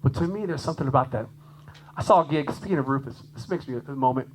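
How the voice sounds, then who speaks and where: A man giving a lively, chatty clinic talk to a conference audience as a jazz drummer, laughing often and acting out quoted voices. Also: mid-range voice, fast, slight background noise, rough recording.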